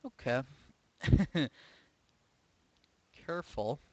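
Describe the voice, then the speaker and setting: A man's voice: medium pitch, animated, drawn-out words, darkish tone, no room sound, muffled recording. A man commentating his own online chess game live, thinking aloud with hesitant, self-questioning remarks. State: sleepy, yawning. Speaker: chess streamer.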